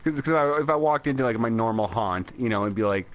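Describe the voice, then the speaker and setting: A man's voice: mid-range voice, lively intonation, fast, highs cut off. A man with an American accent co-hosting a pop-culture podcast, rambling in casual chat full of fillers and laughter. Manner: rambling, lots of "like" and "you know", frequent laughs. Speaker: podcast co-host.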